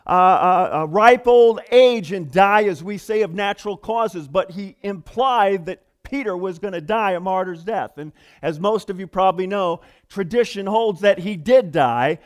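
A man preaching a sermon to his congregation in an animated, conversational way, with emphatic asides. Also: high-pitched, measured pace, few pauses. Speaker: pastor.

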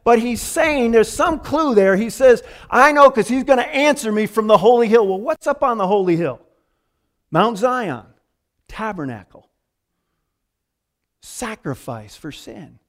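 A male pastor with a notably high voice delivers a casual, folksy sermon. He talks like he's chatting with friends, with lots of "man" and "you know". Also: lively intonation, measured pace. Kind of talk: conversational sermon.

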